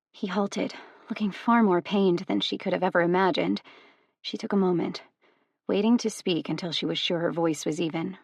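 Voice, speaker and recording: A woman narrating an audiobook in a steady, even storytelling manner. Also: lowish voice, moderate pace, vocal fry, breathy edge, no room sound. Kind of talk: scripted narration.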